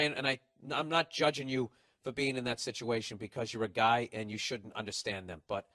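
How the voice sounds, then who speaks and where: A man's voice: medium pitch, fairly bright tone, no room sound. Profane, blunt male podcast host. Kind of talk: comedic advice rant.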